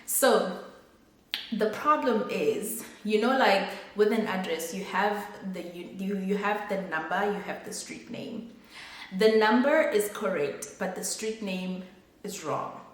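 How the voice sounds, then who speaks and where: A woman's voice: medium pitch, slow. A young adult woman vlogger telling a story to her viewers in a chatty, exasperated way. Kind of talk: casual storytime. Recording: echoey room.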